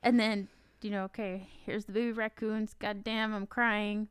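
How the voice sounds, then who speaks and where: A woman's voice: mid-range voice, little pitch movement, moderate pace, clean tone, no room sound, studio quality. A woman co-hosting a podcast, chatting casually about a film, swearing freely and acting out her own reactions. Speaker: podcast co-host.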